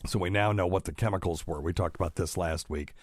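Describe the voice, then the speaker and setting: Low-pitched man, middle-aged, doctor podcast host, casual rambling talk, pedantic asides, dry studio sound. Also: quick pace, no room sound. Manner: rambling, pedantic, many fillers.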